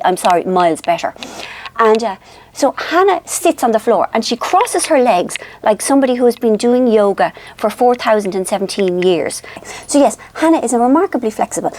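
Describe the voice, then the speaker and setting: A woman with an Irish accent chatting to her viewers, an animated, self-deprecating storyteller. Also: mid-range voice. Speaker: vlogger. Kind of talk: casual chat to viewers.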